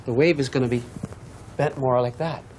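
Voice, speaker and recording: A physics lecture with demonstration is led by a man from Massachusetts who draws on the board and chats with his class between stories. Medium-pitched and at a moderate pace, his voice carries over background noise. He tells stories with energy, shouting out dialogue as he acts it, and he regularly questions the students.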